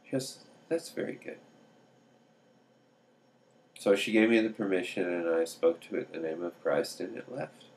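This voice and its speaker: A man's voice: low voice, a little fast. A man telling a true story aloud, acting out dialogue with chuckling asides.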